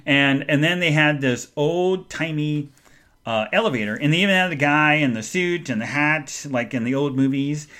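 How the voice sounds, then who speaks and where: A man's voice: on the high side, moderate pace, sharp tone. A man hosting a podcast, telling a long casual story in a chatty, rambling way and acting out the voices he quotes. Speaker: podcast host.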